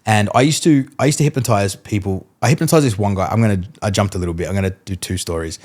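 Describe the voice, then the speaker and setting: A man, a mentalist guest, telling animated stories in casual podcast chat and acting out what people said. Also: lowish voice, fast. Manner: animated storyteller, acts out quotes, laughs mid-story.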